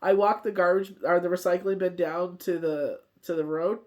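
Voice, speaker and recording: A woman's voice: lowish voice, little pitch movement, moderate pace, darkish tone. A tired woman giving a casual daily tarot reading, rambling and chatty, with lots of "you know" and "like" and frequent laughter. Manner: laughs often while telling stories. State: tired from coughing fits. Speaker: tarot card reader.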